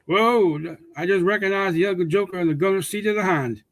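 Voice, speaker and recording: High-voiced man reading comic lines. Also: a little fast, no echo. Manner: reads dialogue with stumbles and repeats. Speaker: co-host reading comic dialogue. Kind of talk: casual comic read-along.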